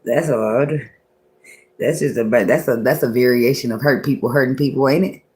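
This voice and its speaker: A woman's voice: extremely low pitch, moderate pace, darkish tone. A woman giving a casual tarot reading, talking loosely, laughing often and cursing freely as she thinks aloud. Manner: muses aloud, often restarting thoughts. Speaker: tarot reader.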